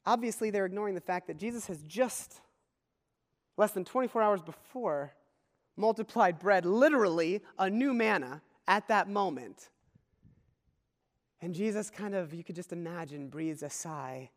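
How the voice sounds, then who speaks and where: A man's voice: high-pitched, expressive, normal speed, long reverb tail. A man preaching a conversational sermon as pastor, often repeating key phrases.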